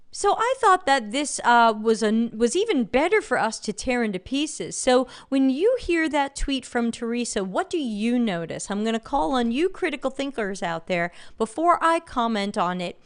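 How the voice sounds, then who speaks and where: A woman's voice: a little high, very animated, normal speed, few pauses, clean tone. Blunt woman with light New York accent. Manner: blunt, sardonic, reads chat comments aloud. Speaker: livestream host. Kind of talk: live-stream commentary.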